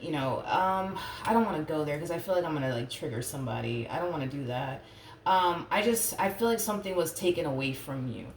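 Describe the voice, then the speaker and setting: In a roomy-sounding recording with a little hiss or hum, a deep-voiced woman does a relaxed tarot reading. She chats freely with plenty of fillers and admits she's reluctant to get emotional.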